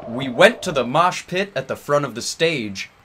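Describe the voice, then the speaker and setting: A man co-reading a comedic dramatic reading in a slow, theatrical way. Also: mid-range voice, expressive, fairly bright tone, a little hiss or hum. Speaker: co-reader.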